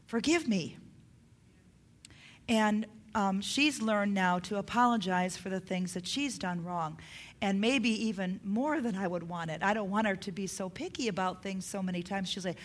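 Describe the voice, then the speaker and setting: A woman's voice: medium pitch, normal speed. A middle-aged woman preaching a sermon on parenting, earnest, repeating her key points for emphasis.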